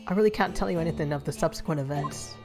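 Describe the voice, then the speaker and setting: A woman voicing a meek middle-aged male former prison warder, telling his story in a hushed, apologetic way. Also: low voice, rapid-fire. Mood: regretful. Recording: game music playing behind.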